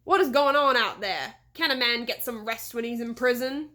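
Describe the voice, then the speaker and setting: Woman doing a smug jailbird guy, slow drawly lines, a bit deeper. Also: bright, forceful tone. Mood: annoyed. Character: roguish young Englishman in jail, smirking.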